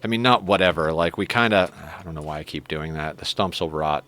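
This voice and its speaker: The streamer talks a little fast now, his low voice carrying a slight brightness. Playing a game, he stays chatty and jokey, talking to both his chat and his cat.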